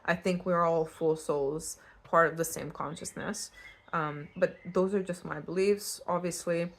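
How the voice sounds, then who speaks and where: In a lowish, unhurried voice, a young tarot reader from Eastern Europe offers a relaxed pick-a-card reading. She's talkative and lively, wandering off on tangents.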